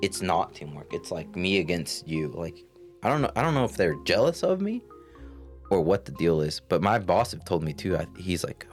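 Young man, deep voice, animated storyteller who mimics coworkers; faint background music. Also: brisk. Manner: animated storytelling, acts out coworkers' lines in Spanish and English. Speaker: guest. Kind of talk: casual chat.

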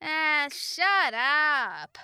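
A woman's voice: fairly high pitch, expressive, measured pace, pushed and bright, smooth, dry recording, clean studio sound. Woman doing a drowsy small blacksmith man. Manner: drowsy, offhand, grumbling. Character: sleepy, easygoing small male blacksmith owner.

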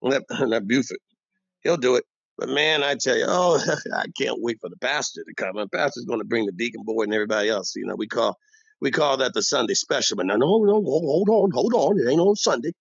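In a comic character monologue, a man plays a bossy veteran barber who owns his shop, rambling, boasting and talking street. His delivery is fairly quick with vocal fry, a slightly rough texture and lively pitch swings. The dry recording sounds dull and lo-fi.

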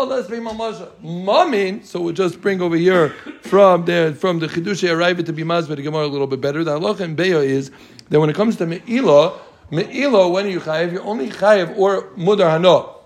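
High-voiced man teaching a Talmud class. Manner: quizzes the students with quick rhetorical questions; lively and joking with the class. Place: classroom with students.

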